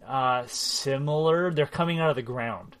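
A man in casual chat recapping a video game story, animated, swearing freely and acting out what characters said. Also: mid-range voice, a little slow, clear, resonant tone.

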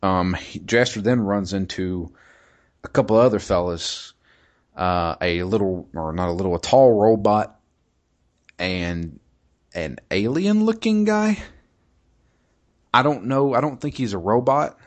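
A man with a deep, low-pitched voice chatting informally about a video game he is playing. He talks in a loose, hesitant way, circling back with "um" and "uh" and restarting his sentences as he goes. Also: lively intonation, measured pace, long pauses. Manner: hesitant, many fillers and restarts. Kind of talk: casual podcast chat.

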